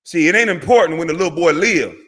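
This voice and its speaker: A man's voice: on the high side, expressive, fast, fairly bright tone, husky. A man, a former pro athlete, delivering a heated, profane, preachy rant to camera that repeats words for emphasis. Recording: long hall reverb.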